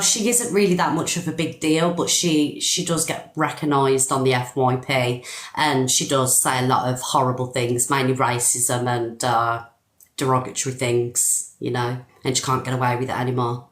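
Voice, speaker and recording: A woman's voice: a bass voice, fairly even intonation, moderate pace, reverberant. Fuming British woman ranting on a live. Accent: British English. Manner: angry, emphatic, swearing. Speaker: TikTok live host. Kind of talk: ranting live stream commentary.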